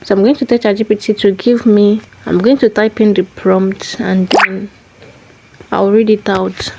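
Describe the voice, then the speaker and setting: A woman's voice: mid-range voice, steady tone, a little slow, gravelly, darkish tone, a little hiss or hum, rough recording. A woman hosting a screen tutorial, walking through each step methodically and repeating key phrases as she goes. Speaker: tutorial host.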